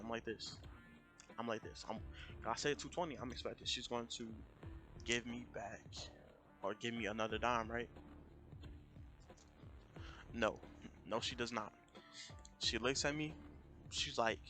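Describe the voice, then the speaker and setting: A young American man tells a story on a stream at his desk mic, rambling and animated, looping back over the same points. His voice sits mid-range, with music playing clearly behind him. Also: medium pitch. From United States. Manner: rambling, repeats himself, animated. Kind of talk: casual storytelling.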